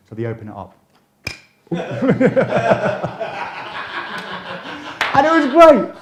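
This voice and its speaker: A man's voice: on the high side, huge pitch swings, slow pace, pauses often, a little hiss or hum. Chatty man lecturing in an echoey room. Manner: chatty, jokey, with frequent restarts. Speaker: magician lecturing. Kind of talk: lecture to magicians.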